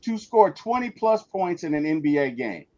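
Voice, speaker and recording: High, animated man on a dull mic. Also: moderate pace. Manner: playful, teasing, leads the talk. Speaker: host. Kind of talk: casual sports chat on a live stream.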